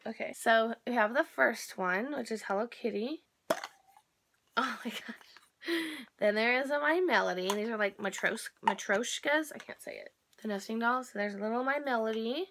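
A young woman hosting an unboxing vlog, gushing with excitement and dropping into whispered squeals. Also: a little high. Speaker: YouTube host unboxing a subscription box.

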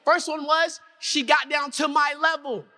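Very high-voiced, bright male keynote speaker. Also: measured pace. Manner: animated, acts out scenes, asks the audience questions. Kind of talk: motivational keynote storytelling. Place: conference hall before an audience.

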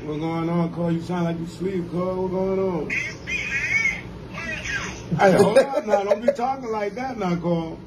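A man's voice: sits high, normal speed, pauses often, noisy background. A man ribbing a friend on a phone call in a teasing, mock-threatening way. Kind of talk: comedic phone banter.

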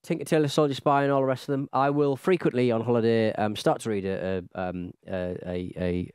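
A man's voice: medium pitch, expressive, a little fast, few pauses, darkish tone, smooth, dry recording. Hesitant English man, dry close sound. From England. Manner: hesitant, filler-heavy, giggly. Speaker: podcast co-host. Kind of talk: casual chat.

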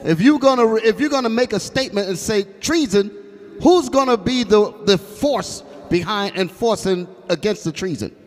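A man's voice: sits high, expressive, normal speed, darkish tone. A man speaking in a teaching session, arguing his point by asking questions and answering them himself. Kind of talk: lecture commentary. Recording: long hall reverb.

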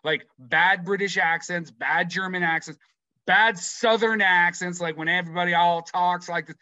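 A man co-hosting a casual movie podcast, talking in an animated and playful way with plenty of swearing. His voice sits a bit high and sounds bright and forceful. The recording is dry and close. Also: normal speed, no echo, dull audio. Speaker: podcast co-host. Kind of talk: casual chat.

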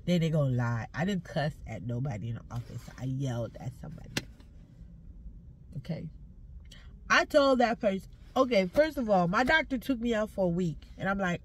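A woman's voice: lowish voice, big pitch swings, brisk, slight background noise. A woman ranting to camera from inside a car, emphatic and full of curse words, preaching between complaints. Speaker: social media creator.

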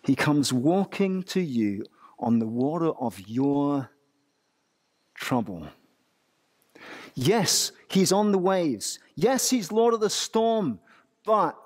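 Male English pastor, high and lively voice, unhurried sermon delivery full of rhetorical questions. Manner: animated preaching with rhetorical questions.

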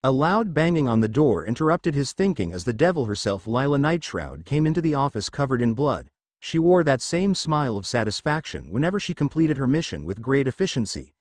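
A man's voice: mid-range voice, big pitch swings, a little fast, no echo, studio quality. Man reading fan fiction aloud. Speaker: story narrator.

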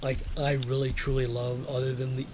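A man's voice: medium pitch, level tone, a little fast, background noise. A man co-hosting a podcast in casual chat, speaking with enthusiasm and lots of fillers. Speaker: podcast co-host.

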